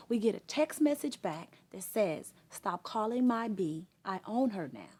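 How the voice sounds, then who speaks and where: A woman in her forties shares a personal testimony in a voice of ordinary pitch for a woman. She speaks earnestly and haltingly, with many pauses and fillers. When she acts out remembered conversations, her voice rises. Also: expressive, darkish tone. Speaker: guest sharing her testimony.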